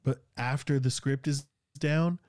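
A man's voice: mid-range voice, steady tone, measured pace, a little mellow, dry recording. A man from Sacramento with a Northern Californian accent, chatting casually and rambling with lots of fillers and slang. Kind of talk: casual chat.

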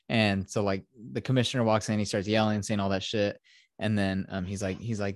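A man hosts a casual podcast, retelling a film in a rambling way with lots of fillers and swearing. His voice sits on the low side. The sound is dry and close. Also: little pitch movement, quick pace, no echo. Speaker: podcast host.

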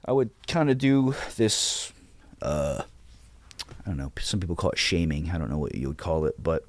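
The speaker is a man in his 30s with an expressive bass voice, talking at a normal speed with no room sound. As a podcast guest in a casual interview, he bluntly and profanely relates leading his platoon, quoting his own commands.

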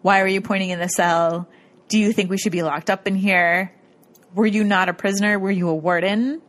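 A woman with a mid-range voice and fairly even intonation talks a little fast as she goes over a ghost-hunting show. It's a casual, rambling recap, heavy on "like" and punctuated by laughs.

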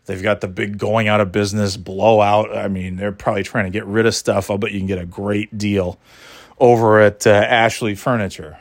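A man's voice: lowish voice, little pitch movement, moderate pace, no echo, clean studio sound. Casual, swearing man telling a story. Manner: profane, laughing, exasperated, many restarts.

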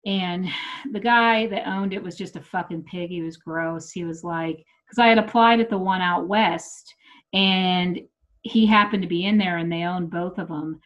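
A woman's voice: on the low side, moderate pace, a bit bright. A middle-aged woman tells stories in a loose, casual chat, blunt and freely profane. Her voice comes through slightly dull and lo-fi. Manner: blunt, swearing storyteller. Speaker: comedian.

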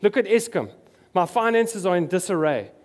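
A man voicing a self-pitying male prophet who rattles off complaints in a quick, exasperated gripe. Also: sits high, very animated. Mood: whining. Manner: rapid, exasperated griping.

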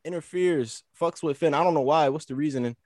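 A man co-hosting a casual wrestling talk show, telling stories in an animated way with profane slang. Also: fairly high pitch, fast talker, no echo, clean studio sound. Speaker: podcast co-host.

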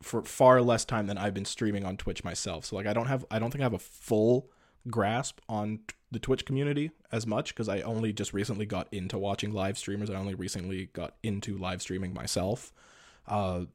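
A man's voice: lowish voice, steady tone, fairly quick, a little mellow. A man hosting a casual podcast chat, rambling with lots of filler words and restarts. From Canada. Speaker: podcast host.

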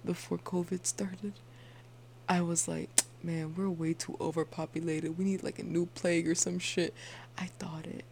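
A young woman co-hosting a casual podcast, talking in slang, laughing often and dropping to a hush for confessions. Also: fairly low pitch, level tone, moderate pace, gravelly, background noise. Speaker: podcast co-host.

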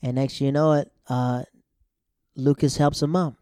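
Recapping a TV episode, a man chats loosely with slang and briefly leaps into characters' lines in quick bursts. His mid-range voice is mellow, warm and clean, with fairly even intonation, and the recording is dry and close with no room sound.

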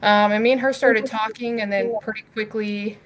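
A woman's voice: medium pitch, fairly even intonation, moderate pace, a little hiss or hum. A young adult woman telling her story as a podcast guest, talking casually with lots of "like" and "um" and easy swearing. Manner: chatty, frequent "like" and "um" fillers.

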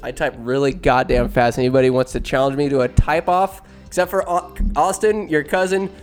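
A young man in casual, rambling commentary, ranking animated films with profane, self-deprecating jokes. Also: medium pitch, brisk, soft background music. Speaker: solo movie-ranking streamer.

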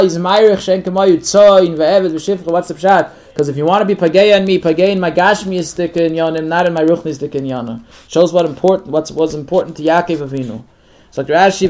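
A man giving a Torah lesson, reading verses aloud, translating them phrase by phrase, and asking rhetorical questions before he explains. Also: high voice. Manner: mixes Hebrew and Yiddish terms into English explanation. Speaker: Torah teacher. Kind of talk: Torah lesson on the weekly portion.

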